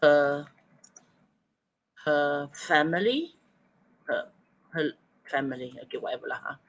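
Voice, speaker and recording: A man leads an online writing lesson, prompting students to answer in the chat. He thinks out loud and reads their suggestions back to them. His voice sits a little high for a man. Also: animated, slow pace, a little hiss or hum, low-quality recording. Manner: coaxing, thinking aloud, repeating students' answers. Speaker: teacher.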